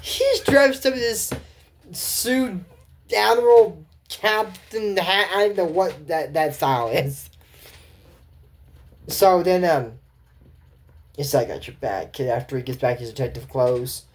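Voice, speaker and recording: A man's voice: sits high, slow, pauses often. A man talks through a cartoon episode in a loose, unscripted recap. His delivery rambles, with fillers and restarts as he chases his train of thought. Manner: rambling, full of fillers and self-corrections. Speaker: cartoon commentary host.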